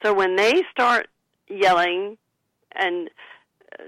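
An author talking about her book, coaching listeners gently and acting out soothing sample replies. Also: medium pitch, takes it slowly, no echo, rough recording. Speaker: author and guest. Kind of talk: conversational advice talk.

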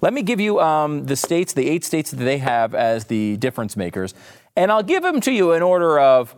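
A man's voice: a little high, wildly swooping pitch, moderate pace, smooth. A man hosting a talk show, chatting casually with jokey, sarcastic asides. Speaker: podcast host.

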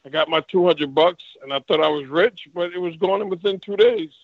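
A man's voice: high voice, a little fast, creaky, no room sound, phone-quality sound. A man, a former professional boxer, telling stories from his career in a casual interview and acting out the exchanges he quotes. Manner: animated, acts out quoted exchanges. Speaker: retired boxer, guest.

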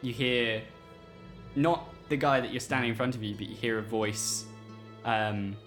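A man's voice: mid-range voice, fairly even intonation, a little slow, fairly bright tone, soft background music. A man running a tabletop game, describing scenes casually with many fillers. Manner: casual, lots of "like" and "um". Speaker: game master.

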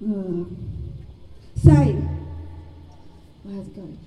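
An Australian woman, a mother, giving a raw and emotional speech at a public gathering. She shouts and swears freely. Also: medium pitch, animated, very slow. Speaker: mother speaking at a rally. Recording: echoey, far from mic, crowd noise.

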